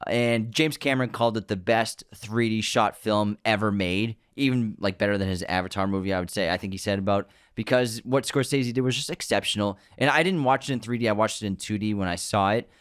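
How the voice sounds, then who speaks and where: A man's voice: lowish voice, a little fast, few pauses, clear, resonant tone, no echo, clean studio sound. A man co-hosting a casual film podcast, enthusiastically recommending movies. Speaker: podcast co-host.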